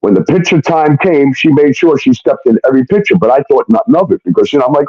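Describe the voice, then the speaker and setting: A man's voice: mid-range voice, lively intonation, fast, no room sound. A man telling a personal story in a casual, rambling way, blunt and full of fillers and swearing. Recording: muffled dry recording.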